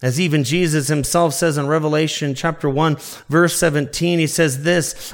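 A man preaching a sermon as pastor, slow and deliberate, stretching out quoted verses for emphasis and calling his listeners beloved. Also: fairly high pitch, steady tone.

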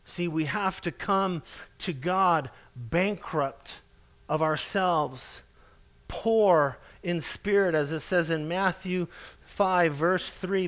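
A man with a high voice delivers a sermon earnestly and emphatically. He presses his points and slows down to lean on the scripture he quotes. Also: a bit bright. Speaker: preacher.

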